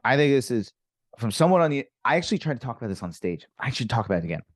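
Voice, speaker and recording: A man's voice: mid-range voice, racing, dry recording, clean studio sound. A man from Virginia, a comedian guest, telling stories in casual chat and acting out the people in them. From Virginia, USA. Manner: animated, acts out quoted exchanges.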